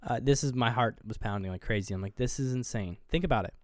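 A man's voice: on the low side, quick pace, no room sound. A man co-hosting a movie podcast, retelling scenes in casual chat, swearing often and acting out the characters. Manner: animated, swears a lot, acts out scenes in voices. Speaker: podcast co-host.

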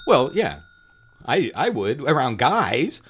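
A podcast co-host chatting casually, expressive and teasing. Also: mid-range voice, takes it slowly, slightly rough. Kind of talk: casual chat.

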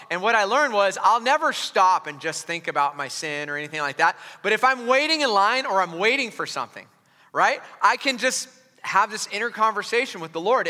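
A male pastor preaching a sermon in a high, very bright voice, chatty and self-mocking with plenty of restarts. The sound rings out with the long reverb of a large church hall. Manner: conversational, joking asides, frequent restarts.

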